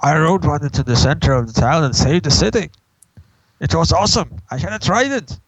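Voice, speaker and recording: A man reading the part of a young, boastful baby dragon with an eager, bragging manner and a gravelly edge. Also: on the high side, animated, brisk, dry recording, poor audio. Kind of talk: reading a comic aloud in character.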